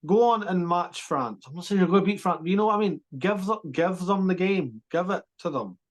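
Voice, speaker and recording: A man co-hosting a podcast, chatting about sport in an animated, emphatic way with quick restarts. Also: sits high. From Scotland. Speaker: podcast co-host. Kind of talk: casual sports chat.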